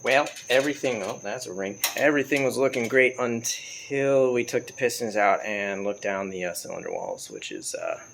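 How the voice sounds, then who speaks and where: A man's voice: medium pitch, sing-song, normal speed, gravelly, few pauses, noisy background. A man casually talking through car work in his garage, loose and profane. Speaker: car vlogger. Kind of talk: casual garage vlog talk. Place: home garage.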